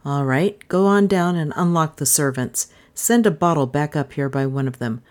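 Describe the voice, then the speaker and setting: Brash sardonic male private eye read by a woman, low voice, audiobook. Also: animated, normal speed. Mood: wry. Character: cocky wisecracking male private detective. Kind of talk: audiobook character reading.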